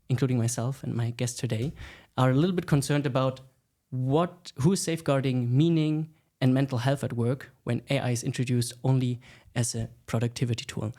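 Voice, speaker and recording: A man's voice: mid-range voice, darkish tone. A man hosting a podcast interview, friendly and upbeat, with frequent "uh" fillers. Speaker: podcast host.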